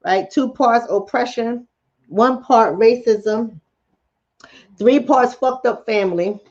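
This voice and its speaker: Talking directly to her viewers, this mental health talk show host keeps her livestream chat casual, blunt, and full of profanity. She has a lowish voice, captured with lo-fi sound.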